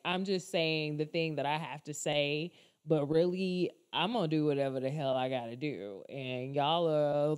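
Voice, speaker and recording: A woman talking casually into her camera in a rambling, exasperated opinion rant, swearing often and calling her viewers y'all. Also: lowish voice. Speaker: commentator.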